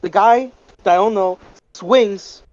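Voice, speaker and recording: A teenage guy with a high voice tells a story to his friends in casual podcast chat. He is animated and curses freely. The recording sounds dull and lo-fi. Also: slow. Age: teens. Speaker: podcast co-host.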